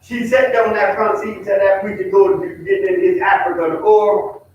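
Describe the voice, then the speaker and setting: A high-voiced man teaches a Bible study in a folksy storytelling way, talking right to the group. He sounds far from the mic in a very echoey church. The recording is dull and muffled. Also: level tone, moderate pace, slight background noise. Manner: folksy, talks to the group directly, mimics hollering.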